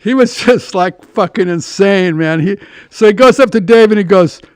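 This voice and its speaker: Speaking at normal speed, an older man with a high, smooth and clear voice hosts his own podcast, telling loosely rambling stories with restarts and occasional swearing. The recording is close and dry, with no echo.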